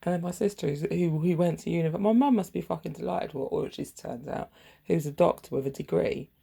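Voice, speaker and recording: A middle-aged woman vlogging in a rambling, profane, sardonic monologue with a gravelly, husky voice. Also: on the low side, fairly quick, warm tone. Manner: profane, sardonic, wandering storytelling.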